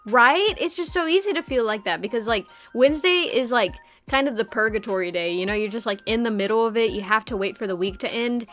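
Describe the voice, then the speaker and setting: A woman's voice: a little high, lively intonation, brisk, hardly any pauses, fairly bright tone, soft background music. A young woman streamer chatting casually, rambling with lots of fillers and frequent giggles. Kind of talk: casual live-stream chat.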